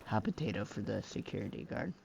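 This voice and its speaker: A man's voice: lowish voice, big pitch swings, fast talker, vocal fry, a little mellow, a little hiss or hum. A man giving casual gameplay commentary as a mod reviewer, rambling with many fillers and slang, recorded on a dull lo-fi mic.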